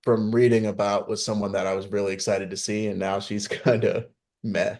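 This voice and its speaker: A man's voice: fairly low pitch, flat delivery, normal speed, a little mellow. A man co-hosting a podcast in casual chat, giving opinions and explaining lore. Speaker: podcast co-host.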